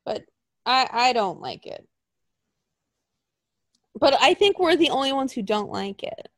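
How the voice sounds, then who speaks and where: A woman chatting casually as a co-host, animated and sarcastic, often laughing and acting out what others said. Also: sits high, a little slow, no echo, clean studio sound. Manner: animated, sarcastic, acts out quotes in exaggerated voices, laughs often. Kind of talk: casual chat.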